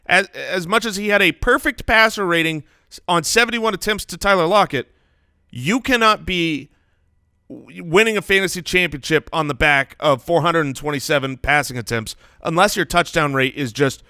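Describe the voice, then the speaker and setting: A man co-hosting a fantasy football podcast, animated and playful, joking between stats. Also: a little high, moderate pace, smooth, dry recording, clean studio sound. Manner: animated, playful, jokes and sings snippets. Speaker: podcast co-host.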